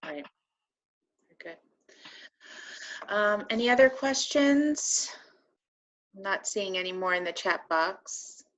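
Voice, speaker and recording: A woman's voice: mid-range voice, expressive, takes it slowly, pauses often, a bit bright, a little hiss or hum, low-quality recording. A woman moderating a webinar Q&A over a video call, reading audience questions and answering with short affirmations.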